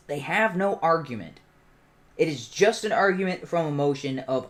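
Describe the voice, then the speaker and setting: A man's voice: on the high side, lively intonation, normal speed. A man hosting a livestream, giving an impassioned, argumentative commentary monologue. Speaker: channel host.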